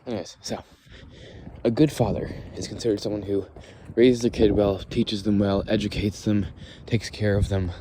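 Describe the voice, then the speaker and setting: A man's voice: fairly low pitch, fairly even intonation, normal speed, dark tone, slight background noise. Blunt, rambling young man on a walk. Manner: rambling, blunt and profane, frequent restarts. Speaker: podcast host. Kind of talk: casual walk-and-talk monologue. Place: outdoors on a walk at dusk.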